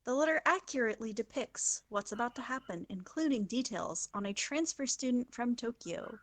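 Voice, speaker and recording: A woman's voice: on the high side, animated, normal speed, hardly any pauses, a little hiss or hum. A woman co-hosting a podcast, chatting in a dry, laid-back way and stumbling a little when reading aloud. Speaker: podcast co-host. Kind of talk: casual chat and reading a synopsis aloud.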